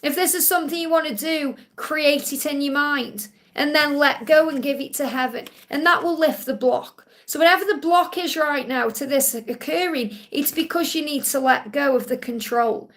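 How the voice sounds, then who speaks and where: A woman's voice: high voice, normal speed, few pauses, a bit bright. A woman hosting a live-stream Q&A, giving spiritual readings to viewers in a reassuring way, repeating key points and calling them honey.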